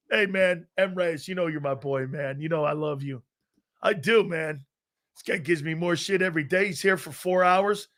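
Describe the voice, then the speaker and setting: This man has a fairly high, slightly bright voice. He's middle-aged and hosts a live sports talk show, where he's brash and profane, rambles through chat comments, and laughs a lot.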